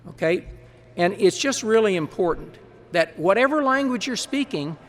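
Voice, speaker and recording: A man who serves as parliamentarian, briefing a large assembly on procedure in a folksy, quick way with chatty asides. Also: high voice, fairly bright tone. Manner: folksy, quick-talking, explains rules with asides. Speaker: parliamentarian advising delegates. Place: large conference hall.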